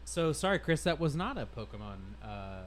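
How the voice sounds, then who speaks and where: A man's voice: a little high, sing-song, normal speed, slight background noise, low-quality recording. A man hosting a casual podcast, reading stories aloud in a wry, amused way and laughing as he goes. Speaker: podcast host.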